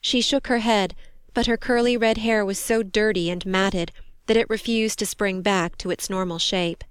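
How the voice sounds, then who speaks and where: A woman reading a war story aloud in steady, measured scripted narration. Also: mid-range voice, clean tone, no echo, studio quality. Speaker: audiobook narrator.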